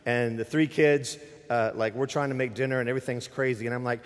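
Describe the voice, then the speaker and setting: A middle-aged male pastor preaching into a microphone, with a voice of ordinary pitch for a man. He makes emphatic, conversational appeals straight to his congregation. A long reverb trails off the church walls behind him. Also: fairly even intonation, brisk. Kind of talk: sermon. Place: church sanctuary.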